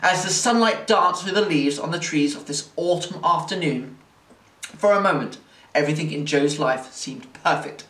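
A man reading a children's chapter book aloud in an expressive, playful way, like a teacher at story time. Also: a little high, normal speed. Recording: roomy, distant mic, faint hiss.

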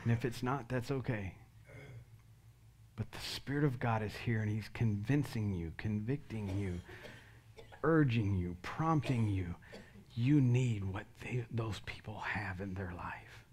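A man's voice: mid-range voice, measured pace, long pauses, darkish tone, a little hiss or hum. A male pastor giving an earnest sermon altar call, leading the congregation in prayer line by line. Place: church sanctuary.

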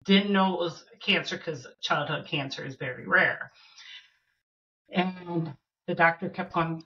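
A middle-aged woman from Minnesota telling a personal story as a podcast guest, earnest and halting with fillers and restarts. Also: fairly low pitch, a bit bright, dull audio.

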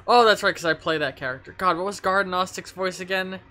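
Bright-voiced young man, casual host. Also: sits high. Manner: playful, quick asides, laughs. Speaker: host reading a webcomic aloud. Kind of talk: casual chat.

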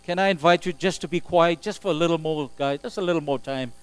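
A man preaching a sermon as pastor, emphatic, moving between loud exclamations and quiet asides. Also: a little high, fast, clean tone, rough recording. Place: church sanctuary. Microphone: live stream recording.

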